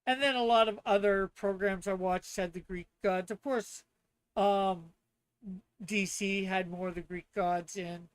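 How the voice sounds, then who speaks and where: A man's voice: high voice, steady tone, measured pace, clear, resonant tone, no echo. A man hosting a casual live stream, reading chat aloud and laughing often. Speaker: streamer host.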